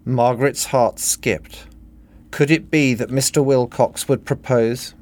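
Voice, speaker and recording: A man reading his own satirical book parody in a dry, deadpan narration. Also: mid-range voice, measured pace.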